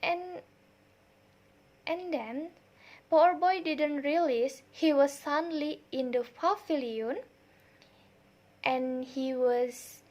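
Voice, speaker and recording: A young woman student retelling a folk tale for a literature test, halting, with many restarts and repeated words. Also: high voice, a little mellow.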